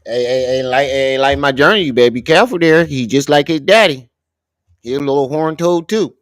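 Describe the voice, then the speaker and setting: A man's voice: medium pitch, fairly quick. A man hosting a livestream, reacting in a casual, joking and emotional way. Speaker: host.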